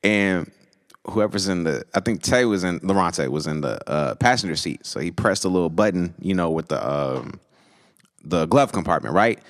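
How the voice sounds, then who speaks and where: A young man with a deep, low voice tells a casual storytime about his band. He speaks loosely and animatedly, full of slang, and breaks into laughs as he goes. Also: lively intonation, normal speed, dry recording, studio quality. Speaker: musician vlogger.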